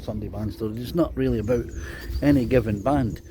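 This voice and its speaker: A man's voice: mid-range voice, a little fast, background noise. A Scottish man from Dundee in his fifties, telling chatty, rambling stories about his drumming days and often adding "you know". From Scotland. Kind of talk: casual storytelling monologue.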